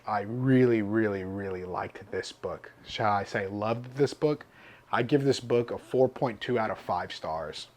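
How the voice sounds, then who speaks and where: A man's voice: mid-range voice, a little mellow. A man giving an enthusiastic, chatty book review as a vlogger.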